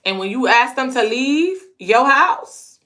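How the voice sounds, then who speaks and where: A woman talks straight to her audience in a loose, casual storytelling monologue. Her voice is bright and forceful. She drives each point home by saying key lines two or three times. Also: high-pitched, lively intonation, slow pace. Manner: emphatic, repeats phrases for punch. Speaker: channel host.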